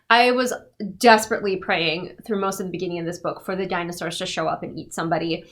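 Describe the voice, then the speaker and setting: A woman's voice: fairly low pitch, steady tone, quick pace. A woman giving a casual, sarcastic and exasperated book review rant.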